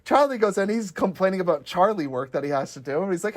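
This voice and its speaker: Podcast co-host, casual chat, lively swooping pitch, laughs a lot, acts out quotes. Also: fast talker, hardly any pauses. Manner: animated, laughing often, acting out quoted lines. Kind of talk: casual chat, retelling comedy scenes.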